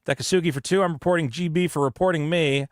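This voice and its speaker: A man co-hosting a casual comedy podcast, reading super chats aloud and telling stories loudly with put-on panicked voices. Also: on the high side, fast talker, dry recording, clean studio sound. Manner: loud, animated storytelling with put-on panicked voices.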